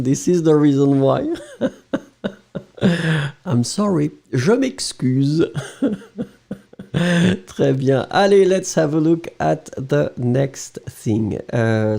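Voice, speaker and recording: A man's voice: a little high, vocal fry, warm tone. A man with a French accent teaching French in a live-stream lesson, patiently spelling words letter by letter and laughing easily.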